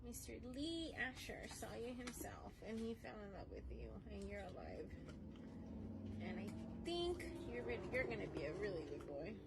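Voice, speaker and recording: A woman's voice: fairly high pitch, very animated, moderate pace, gravelly. A woman cooing baby talk to a dog in a sing-song voice that swings between whispers and squeals. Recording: noisy clip.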